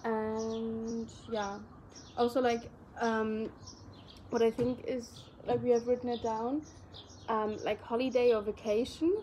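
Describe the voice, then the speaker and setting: A woman's voice: a little high, flat delivery, takes it slowly, warm tone, a little hiss or hum. A young woman whose first language is German, chatting casually and rambling with many fillers. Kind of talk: casual chat.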